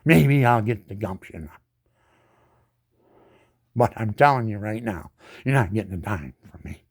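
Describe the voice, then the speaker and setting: Lowish and a bit breathy, this man's voice moves a little slowly. The speaker is a disabled veteran in his seventies giving an angry, indignant rant to camera, one that repeats words and piles up rhetorical questions.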